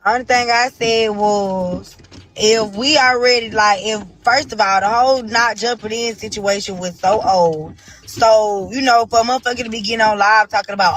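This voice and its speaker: A woman's voice: mid-range voice, steady tone, a little fast, faint music behind, poor audio. A woman ranting on a live stream in a defensive, profane, rambling way. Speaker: reality show personality. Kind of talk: casual live-stream rant.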